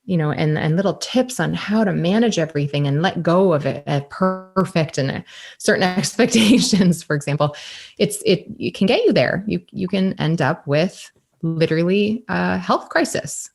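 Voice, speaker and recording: Woman, podcast guest, low-pitched, casual, animated. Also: moderate pace, creaky. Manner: animated, laughing storyteller. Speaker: podcast guest, naturopathic doctor. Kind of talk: casual storytelling.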